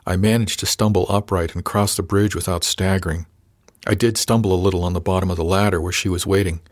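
A man reading a first-person novel aloud as an audiobook narrator, measured and lightly voicing the characters. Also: sits low, fairly even intonation, no room sound, clean studio sound.

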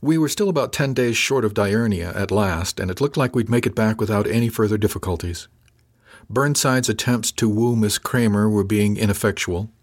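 A man narrating a first-person novel in a measured, dry, even storytelling manner. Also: fairly low pitch. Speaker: audiobook narrator.

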